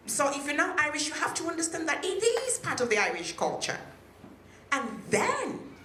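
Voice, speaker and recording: A woman's voice: high voice, a bit bright, a little hiss or hum. A woman giving a speech to an audience at a peace event, engaging them with questions. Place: hotel function room. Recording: echoey room.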